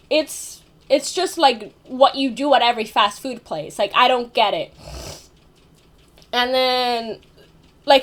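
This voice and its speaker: High-voiced young woman rambling casually. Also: a bit bright. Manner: rambling, filler-heavy, casual swearing. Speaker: vlogger. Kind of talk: casual storytelling.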